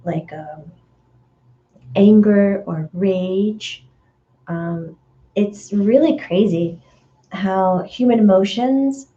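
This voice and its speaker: A woman medium talks slowly through a spiritual energy reading, her voice soft and mellow. She hunts for words with plenty of fillers and sometimes breaks into sudden high acted voices. The recording sounds a little dull and muffled. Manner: slow, dreamy, searching for words with many fillers.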